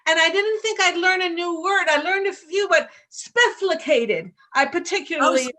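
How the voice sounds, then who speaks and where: A woman hosting a storytelling event over a video call, thanking tellers and introducing the next in a gracious, measured way. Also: very high voice, expressive, sharp tone. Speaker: host.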